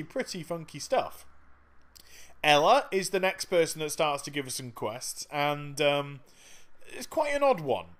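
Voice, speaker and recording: A man's voice: on the high side, fairly bright tone. A man giving chatty, sarcastic commentary over a game walkthrough. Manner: chatty and sarcastic, with frequent laughs. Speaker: gaming video host.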